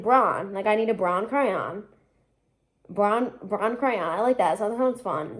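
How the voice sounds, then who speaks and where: A young woman from Michigan with a Michigan accent, chatting in a rambling way full of "like" fillers as she cooks in her home kitchen, recorded on a phone propped on the counter. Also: a little high. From Michigan, USA. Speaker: vlogger. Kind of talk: casual cooking vlog chat.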